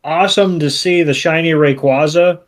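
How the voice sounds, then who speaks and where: A man's voice: a little high, normal speed. A man co-hosting a podcast, chatting casually with wry, joking remarks. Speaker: podcast co-host. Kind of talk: casual chat.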